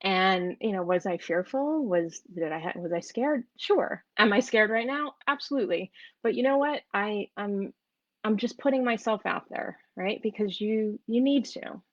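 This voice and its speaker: A woman's voice: medium pitch, moderate pace, dry recording, lo-fi sound. Chatty woman with a New York–New Jersey accent. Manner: chatty, storytelling, many restarts. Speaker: online business coach. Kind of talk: live-streamed casual talk.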